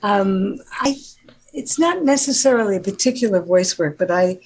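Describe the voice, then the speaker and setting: An older woman, an actor, being interviewed over a video call in a measured, thoughtful way. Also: medium pitch, animated, darkish tone, a little hiss or hum. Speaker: actor guest.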